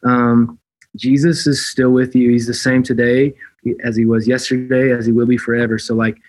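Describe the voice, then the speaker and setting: A man talking as a guest in an interview, earnest and animated, often repeating his phrases for emphasis. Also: medium pitch, moderate pace. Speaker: worship leader guest. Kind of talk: casual interview chat.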